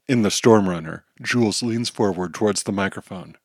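A man giving scripted audio drama narration in a brisk, plain manner. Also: on the low side, dry recording, clean studio sound.

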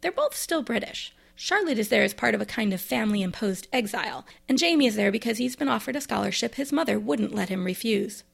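Woman with a raspy, husky voice, librarian gushing about new books, chatty. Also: fairly high pitch, animated, a little fast, hardly any pauses. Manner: chatty, enthusiastic, bookish asides. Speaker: librarian and podcast host. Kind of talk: casual book review monologue.

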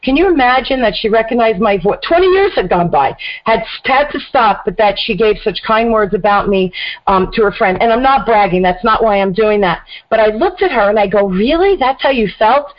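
A middle-aged woman hosting a radio talk show, telling a story in a casual, animated way. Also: medium pitch, brisk. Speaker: host. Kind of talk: casual chat. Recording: dull lo-fi radio audio.

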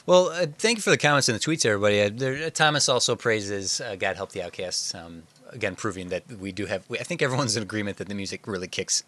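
A man co-hosting a casual podcast, speaking in a deliberate, measured way and laughing easily. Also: lowish voice, a bit bright. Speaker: podcast co-host.

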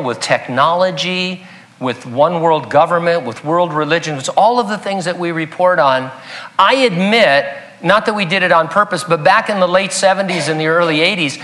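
A man's voice: sits high, bright, forceful tone. A man preaching a sermon in a conversational, emphatic way with joking asides. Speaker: pastor.

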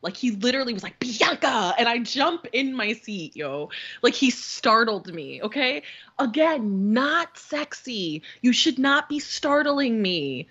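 Animated husky woman telling a story. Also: fairly high pitch, unhurried, lo-fi sound. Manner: animated storyteller, acts out quotes, swears freely, laughs often. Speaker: podcast co-host. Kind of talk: casual storytelling chat.

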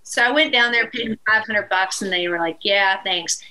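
Bright, animated Texan woman. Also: on the high side, brisk, low-quality recording. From East Texas. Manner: animated, laughs through her story. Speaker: guest musician. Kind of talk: casual storytelling.

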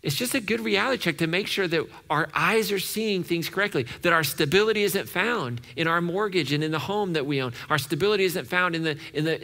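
A male pastor preaches a sermon in an animated way, acting out the voices of those he quotes. His pitch is fairly high.

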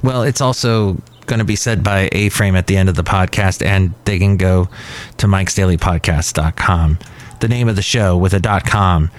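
Sarcastic ranting podcast host, lowish voice. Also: male voice, moderate pace. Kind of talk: casual solo podcast talk. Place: outside a cafe.

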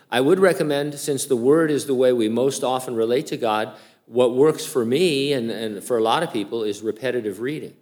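Chatty older male pastor, casual sermon. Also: medium pitch. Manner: chatty and informal, with many fillers and restarts.

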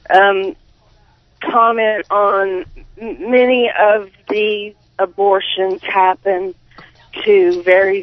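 Caller: woman on a phone line, halting and heartfelt, slow with a dry sound. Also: mid-range voice, no room sound. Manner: halting, heartfelt, many pauses. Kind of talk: call-in radio comment.

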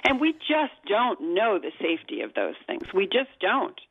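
A woman's voice: mid-range voice, huge pitch swings, normal speed, no room sound. A woman guest on a talk show, explaining her points emphatically. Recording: tinny phone line.

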